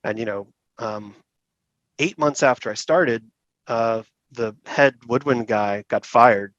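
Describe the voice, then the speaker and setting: A middle-aged man telling stories as a guest in an interview, relaxed and chatty, laughing often and acting out the people he quotes. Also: mid-range voice, takes it slowly, dry recording, lo-fi sound. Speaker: saxophone repair technician, guest. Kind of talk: casual storytelling interview.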